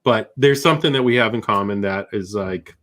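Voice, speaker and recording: A man's voice: fairly low pitch, fairly quick, fairly bright tone. A man with a Boston accent hosting a casual live-stream chat, joking and rambling with frequent restarts. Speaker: host.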